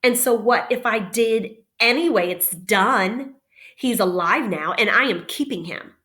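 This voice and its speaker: A woman voicing a possessive, hot-tempered boy who yells and bosses. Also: unhurried. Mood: defiant. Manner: shrill yelling, bossy.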